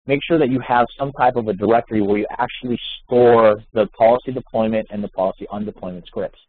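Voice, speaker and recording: A man presenting a live software demo webinar, walking through steps conversationally with many fillers and restarts. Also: fairly low pitch, fairly even intonation, fast, slightly rough, dry recording. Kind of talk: live product demo walkthrough. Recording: tinny phone-line webinar audio.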